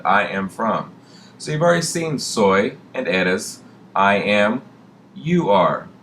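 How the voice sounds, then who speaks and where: A man teaching a Spanish lesson, slowly repeating each example word. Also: lowish voice, a bit bright, a little hiss or hum. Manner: slow, deliberate repetition of example words. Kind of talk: recorded classroom lesson.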